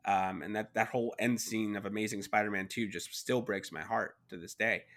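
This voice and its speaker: A man's voice: fairly low pitch, steady tone, brisk, a bit bright. A man co-hosting a podcast, chatting casually about movies with many restarts. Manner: rambling, many fillers and restarts. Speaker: podcast co-host.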